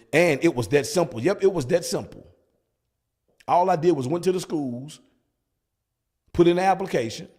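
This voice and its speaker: A man's voice: on the high side, a little mellow, slightly rough. A male pastor preaching at a Bible study, hammering points with repeated rhetorical questions. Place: church.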